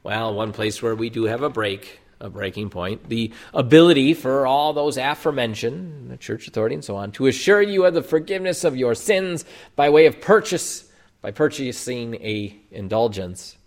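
A man's voice: mid-range voice, moderate pace. A man preaching a sermon as a Lutheran pastor, explaining doctrine emphatically and posing rhetorical questions to the congregation.

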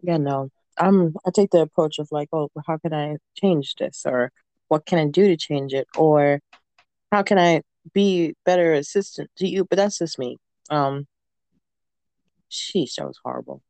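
A woman's voice: sits low, a little slow, mellow, dry recording. A woman co-hosting a casual podcast, giving her opinions in a reflective way. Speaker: podcast co-host. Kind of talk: casual chat.

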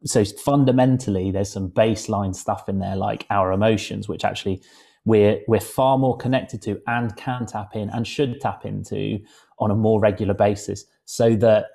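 A man with a fairly low voice thinks aloud in a relaxed podcast conversation. He wanders through his points, reflective and heavy on fillers. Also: moderate pace, vocal fry. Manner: reflective, rambling with many fillers. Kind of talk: casual podcast chat.

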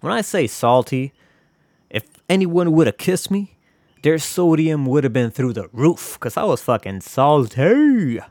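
A man's voice: a little high, very animated, unhurried, darkish tone, dry recording, clean studio sound. A young man hosting a podcast, talking in a casual, confessional ramble full of swearing and self-mocking jokes. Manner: profane, joking, rambling. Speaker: podcast host.

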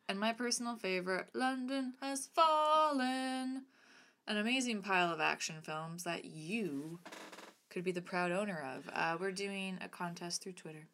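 A woman's voice: lowish voice, a bit bright. Playful woman co-hosting a film podcast. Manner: playful, jokey, trails off into mumbles. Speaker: podcast co-host. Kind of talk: casual film podcast chat.

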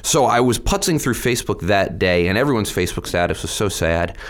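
Low-voiced male guest, lively storyteller, quick-tempered, plays out quotes. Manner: animated, quick to anger, acts out quotes. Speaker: state legislator and guest. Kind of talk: interview answers.

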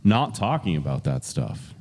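A man's voice: very deep voice, wildly swooping pitch, normal speed, creaky, a little mellow. A man co-hosting a casual political chat, earnest and building emphasis. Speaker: podcast co-host.

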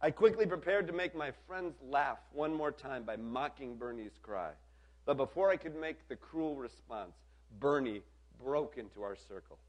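A man preaching an earnest storytelling sermon, dropping to a soft low voice on key lines. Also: expressive, moderate pace.

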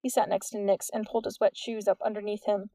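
A woman giving steady, measured scripted narration of a novel into a close studio mic. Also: mid-range voice, gravelly, no room sound. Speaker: audiobook narrator.

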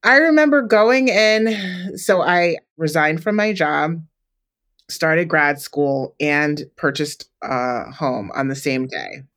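A woman in her forties, co-hosting a podcast, telling a story in a relaxed, reflective way with many "like"s and "you know"s. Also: low voice, takes it slowly. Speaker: podcast co-host. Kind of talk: casual chat.

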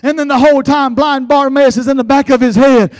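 A man preaching a sermon, building to impassioned shouted pleas with a repetitive cadence. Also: extremely high pitch, fairly even intonation, fast talker, dry recording.

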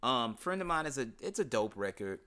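A man's voice: medium pitch, very animated, fairly quick, bright, forceful tone. A man hosting a casual talk about an album, chatting loosely, swearing freely and reading quotes aloud. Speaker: podcast host discussing an album. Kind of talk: casual commentary with read-out quotes.

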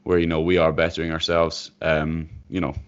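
Very deep-voiced young man chatting. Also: monotone, moderate pace, clear, resonant tone. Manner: thoughtful, hesitant, many you-knows. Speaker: professional runner, podcast co-host. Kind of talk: casual chat. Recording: dull lo-fi audio.

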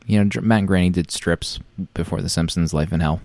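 Man, very low voice, dry close sound, casual podcast chat, rambling storyteller. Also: fairly even intonation, fairly quick, a little mellow, no echo. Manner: rambling storyteller, many restarts. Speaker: podcast co-host.

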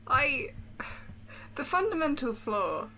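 Bright, lively woman co-hosting a podcast. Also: high-pitched, takes it slowly, highs cut off, a little hiss or hum. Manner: teasing, giggly. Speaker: podcast co-host. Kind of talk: casual film review chat.

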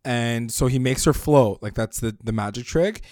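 A man recapping a show in an animated, casual way, swearing freely and acting out the characters' lines. His voice sits at an ordinary middle pitch. The sound is dry and close. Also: moderate pace, dry recording. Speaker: podcast co-host recapping a show. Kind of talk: casual chat.

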